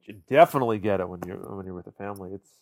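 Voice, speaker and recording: A man's voice: low-pitched, rapid-fire. Laid-back man co-hosting a film podcast. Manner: relaxed, agreeable, wraps up segments. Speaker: podcast co-host. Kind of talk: casual film discussion.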